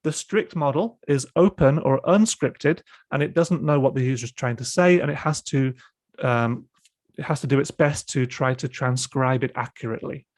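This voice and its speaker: A man's voice: medium pitch, no echo. Guy demoing an app on a video call, keeps restarting his sentences, uh um a lot, dead dry audio. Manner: halting, explanatory, many fillers and restarts. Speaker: presenter demonstrating software. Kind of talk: online panel discussion.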